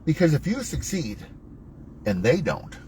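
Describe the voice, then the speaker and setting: A fairly high-voiced man gives a motivational talk as host, preachy and emphatic. His voice swings up and down as he coaches, folksy and a little self-mocking. A faint hiss of noise sits under his voice. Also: huge pitch swings, unhurried, warm tone, low-quality recording.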